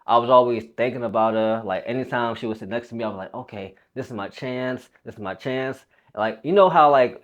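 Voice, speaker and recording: A man's voice: medium pitch, dull audio. A young man and fitness coach telling a personal story in a loose, rambling, casual way, swearing freely.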